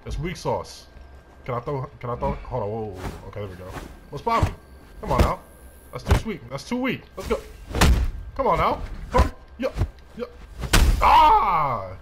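A man's voice: on the high side, background noise. A young man giving hyped let's-play commentary, trash-talking and whooping as he plays. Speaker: gameplay commentator.

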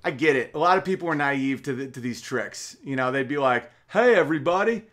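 A man's voice: medium pitch, brisk, a bit bright. A man hosting a podcast, delivering a casual comedic monologue in a rambling, profane, emphatic way.

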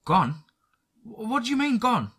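A man voicing a frantic, tearful young woman, shrill and pleading. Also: sing-song, normal speed, sharp tone, slightly rough, full character voice.

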